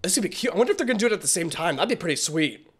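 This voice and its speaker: An excitable man reacting to music, gushing and laughing between lines in loose, casual commentary. His voice sits a touch high, and faint music hums behind him. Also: very fast. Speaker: reaction video host.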